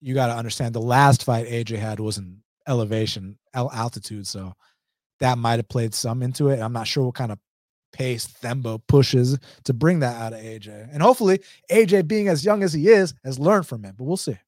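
Male streamer with an Atlanta accent, warm low-key tone, dry close sound, blunt casual delivery. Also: fairly quick, no room sound. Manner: blunt, slangy, laughs often. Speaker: MMA betting livestream host. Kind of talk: casual livestream chat reading viewer comments.

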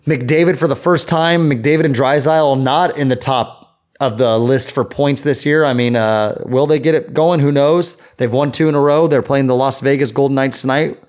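Man, casual sports podcast co-host, middle pitch, rambling with fillers. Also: fairly even intonation, normal speed, a little mellow.

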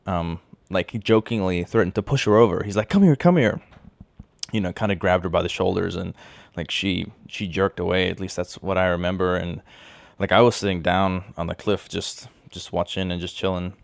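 A man's voice: deep voice, level tone, a little fast, vocal fry, dry recording. A young man casually telling a personal anecdote, rambling and correcting himself as he goes. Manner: rambling, self-correcting storyteller. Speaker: storyteller.

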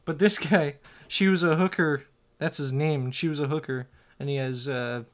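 Brief: male podcast host, high voice, crude storyteller who laughs a lot. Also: fairly even intonation, moderate pace. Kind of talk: casual chat.

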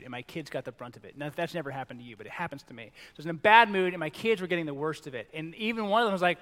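Man preaching in an echoing hall. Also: fairly high pitch. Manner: conversational, animated, acts out quotes. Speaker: pastor. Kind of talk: sermon. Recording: long reverb in a large hall.

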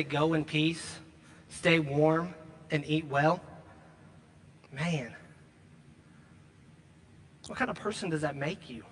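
A man preaching a sermon, emphatic, repeating key lines and slowing down to stress them. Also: high-pitched, bright, forceful tone, in a large hall. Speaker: pastor.

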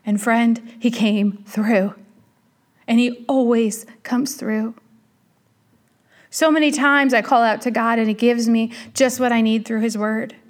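A woman's voice: on the high side, steady tone, a little slow. A woman preaching a sermon, speaking earnestly to the listener as a friend and repeating her points.

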